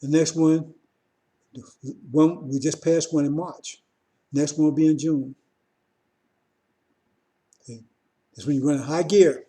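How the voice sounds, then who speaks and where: A man's voice: a little high, steady tone, measured pace, long pauses, mellow. A man giving an informal religious teaching, talking in short repeated phrases and often asking his listeners "see?". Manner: repetitive, keeps asking "see?", restarts often. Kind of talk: informal sermon.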